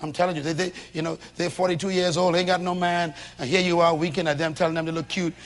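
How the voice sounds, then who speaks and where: A man preaching a sermon to a live congregation, swinging from shouts to low confiding tones and acting out little dialogues in different voices. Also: level tone, fast. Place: church hall with a congregation.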